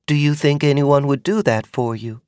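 A man doing a gentle motherly woman. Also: on the high side, clean tone, no echo, clean studio sound, voice pushed up, close to an everyday voice. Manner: soft, motherly, measured. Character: kindly middle-aged woman, gentle and concerned. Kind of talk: audiobook character voice.

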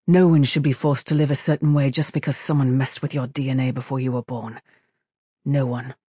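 An earnest crewwoman who argues with quiet passion, as a man reads her. She is emotional but steady. The read is dry and close. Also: medium pitch, fairly quick, breathy edge, no echo, lightly acted. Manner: earnest, pleading. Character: earnest, emotional female crew member.

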